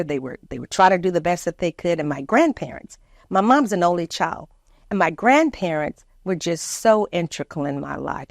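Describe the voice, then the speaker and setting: Older woman, from the American South, reminiscing interviewee, lively storyteller, dry close sound. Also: medium pitch, dry recording. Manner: lively storyteller who acts out family quotes. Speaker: community leader recounting her childhood.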